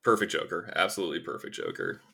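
A man hosting a casual film podcast, animated and swearing freely as he acts out quoted lines. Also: low-pitched, fast, creaky, breathy edge. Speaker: podcast host. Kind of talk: casual chat.

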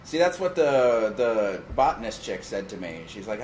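A man teasing his friends in a casual podcast chat, with dry, deadpan jokes. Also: lowish voice, normal speed, echoey room, crowd noise. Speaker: podcast guest.

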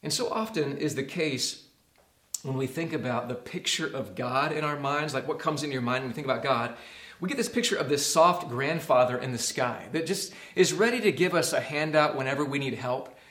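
A man's voice: mid-range voice, fairly quick. Earnest preacher man in an echoey room. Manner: earnest, swings from hushed to emphatic. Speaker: pastor. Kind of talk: sermon.

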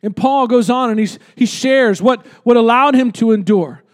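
A male pastor preaching an impassioned sermon, calling for amens and rising to shouts. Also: very high voice, moderate pace.

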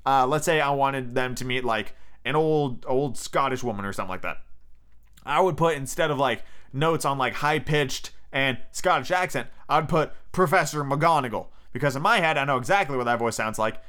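A man's voice: medium pitch, lively intonation, normal speed, fairly bright tone, clear, resonant tone. A man hosting a podcast, chatting casually and giving emphatic, joking advice on running tabletop games. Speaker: podcast host. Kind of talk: casual chat giving game master tips.

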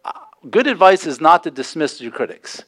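A man preaching from the pulpit, his voice sitting a touch high. He gets animated, acting out quoted voices and dropping folksy asides. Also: normal speed. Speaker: pastor. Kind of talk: sermon.

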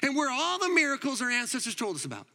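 A man's voice: extremely high pitch, huge pitch swings, fast talker, sharp tone, in a large hall, voice pushed up, full character voice. A man reading the part of a bewildered, complaining young farmer, plaintive and questioning.

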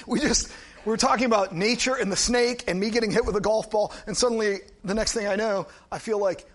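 High-voiced pastor telling a story. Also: male voice. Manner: conversational, animated storytelling with quick asides. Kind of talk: storytelling sermon.

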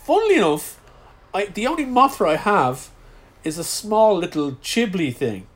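A man's voice: high voice, very animated, moderate pace. A man in casual chat with a friend, talking in an easygoing, rambling way with fillers.

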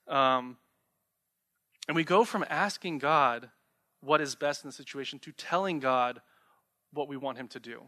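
A man's voice: a little high, moderate pace, pushed and bright. A young man preaching a sermon, talking conversationally and asking the listeners rhetorical questions. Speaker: pastor.

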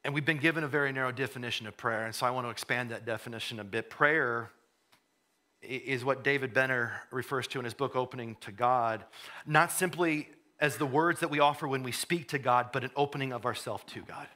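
A pastor delivers a sermon in a conversational way, repeating words as he goes, then swelling into fervent emphasis before sinking to a hush. He mentions having a cold. His voice sits in the mid-range and moves fairly quickly.

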